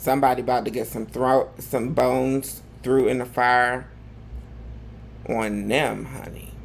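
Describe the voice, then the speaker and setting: A man's voice: medium pitch, steady tone, a little slow, gravelly, a little hiss or hum. A man hosting a live gossip commentary show, talking in a sassy, campy way full of drawled slang. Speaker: host.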